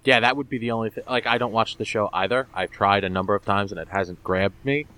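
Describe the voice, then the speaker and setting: A man's voice: on the low side, quick pace, sharp tone, clean tone. A man co-hosting a podcast in casual chat, teasing the others and laughing a lot. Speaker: podcast co-host.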